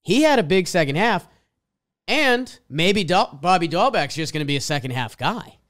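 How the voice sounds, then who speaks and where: A man's voice: sits high, very animated, normal speed, a bit bright. A man with a Boston accent co-hosting a casual sports podcast, reading out stat lines with emphatic swings. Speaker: podcast co-host.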